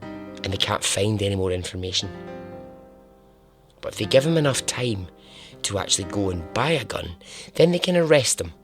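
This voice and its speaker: A man's voice: fairly low pitch, expressive, moderate pace, long pauses, faint music behind. A man hosting a podcast, telling a true-crime story in a casual, chatty way, laughing and swearing now and then. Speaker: podcast host.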